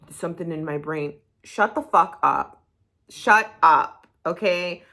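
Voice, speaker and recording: A woman's voice: fairly low pitch, bright, forceful tone. A young woman recapping a reality show, talking bluntly and heatedly and swearing freely. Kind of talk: casual opinionated commentary.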